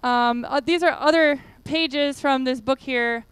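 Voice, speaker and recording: A woman's voice: high-pitched, unhurried, a bit bright, dry recording. A woman giving a casual conference talk, chatty and full of fillers. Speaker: conference speaker. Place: conference room.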